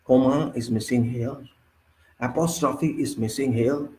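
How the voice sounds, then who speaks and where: A man with an Indian accent giving an unscripted engineering lecture, forceful and indignant, pressing his points with sharp rhetorical questions. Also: medium pitch, normal speed, roomy sound, a little hiss or hum, low-quality recording. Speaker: civil engineering instructor.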